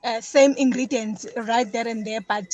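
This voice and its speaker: Husky high-voiced South African woman. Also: steady tone, normal speed, darkish tone, poor audio. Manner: repeats words while explaining, chatty. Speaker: business guest, detergent maker. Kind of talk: casual podcast interview.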